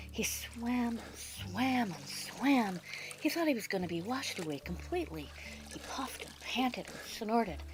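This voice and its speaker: A woman narrating a children's storybook in an expressive, dramatic reading style, with music underneath. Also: on the low side.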